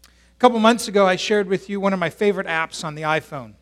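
A man's voice: high voice, quick pace, a bit bright. A male pastor preaching a sermon at a church service in a conversational way, asking the congregation questions.

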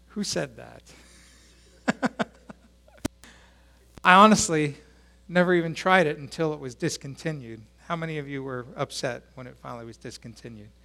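A man's voice: fairly high pitch, fairly bright tone. A male pastor preaching a sermon at a church service in a conversational way, asking the congregation questions.

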